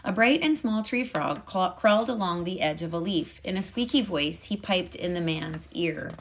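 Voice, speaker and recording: A woman teacher reading a picture book aloud to a class in a calm, measured way. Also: lowish voice, a little hiss or hum.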